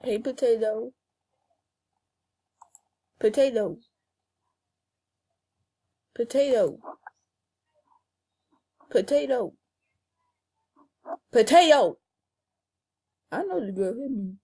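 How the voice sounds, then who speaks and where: Husky young woman, animated teasing. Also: a little high, takes it slowly, long pauses. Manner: playful, loud, whining hums. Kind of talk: casual teasing banter.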